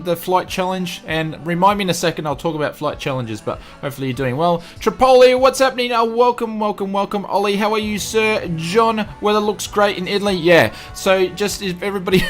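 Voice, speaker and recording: An Australian man hosting a casual livestream, upbeat and greeting chat viewers one by one with repeated welcomes. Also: sits high. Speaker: livestream host.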